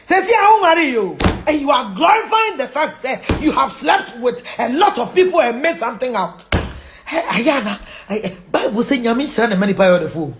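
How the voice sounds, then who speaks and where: A Ghanaian woman giving a preachy moral lecture, mixing Twi and English, jumping from shouts down to hushed near-whispers. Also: high voice, sing-song, normal speed, noisy background. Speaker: social commentator.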